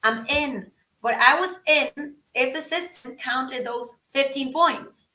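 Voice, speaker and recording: A woman guest on a podcast, telling a story in an animated, excitable way and acting out the quotes. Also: sits high, slow, echoey room, recorded from a distance, rough recording. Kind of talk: casual storytelling.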